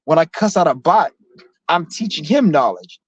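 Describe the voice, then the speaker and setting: This vlogger's husky, fairly high voice swings widely in pitch as he rants at normal speed to camera, profane, blunt and confrontational. He repeats himself, restarting sentences often. There's no room sound; the recording is dry, dull and lo-fi.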